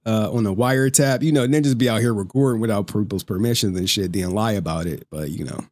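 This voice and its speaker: A man's voice: lowish voice, quick pace, a little mellow, dry recording. A man giving mocking live-stream commentary, laughing often and swearing as he taunts his target. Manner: calls people "dog".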